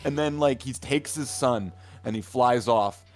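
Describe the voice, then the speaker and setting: A man chatting casually with friends, his voice sitting at an ordinary middle pitch. He tells a long story in loose, rambling bursts, piling on fillers like "like" and "uh" and checking in with "right?" over and over. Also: measured pace, a little mellow, soft background music. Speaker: hobby gaming channel regular. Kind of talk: casual chat among friends.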